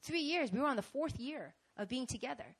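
Young woman, sermon testimony, animated storyteller with big swings from soft to loud. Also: high-pitched, a little fast. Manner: dramatic and animated, with sudden swings from hushed to loud. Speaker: preacher giving a testimony.

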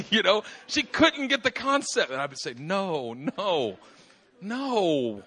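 A man preaching a sermon as pastor, acting out little dialogues with laughter and sudden shouts. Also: very high-pitched, big pitch swings, a little slow, vocal fry, a little hiss or hum. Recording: live church service.

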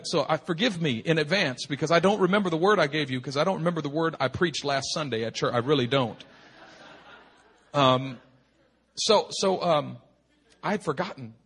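A male pastor telling a personal story in a sermon, animated and self-deprecating. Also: a little high, slightly rough. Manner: animated, self-deprecating, chuckles between phrases.

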